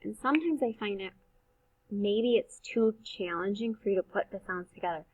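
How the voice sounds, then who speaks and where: A woman teaching first graders to read, slowly stretching out the sounds of each word in an encouraging teacher voice. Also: medium pitch, darkish tone, breathy edge, far from the mic. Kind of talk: slow phonics reading lesson. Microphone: computer mic on a screen-shared video. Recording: slightly dull, lo-fi sound.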